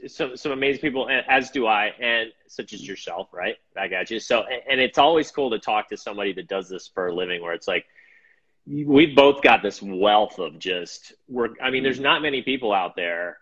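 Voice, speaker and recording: Upbeat rambling podcast host, husky voice. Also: male voice, lowish voice, moderate pace, a bit bright, lo-fi sound. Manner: rambling, upbeat, self-deprecating. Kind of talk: casual interview chat.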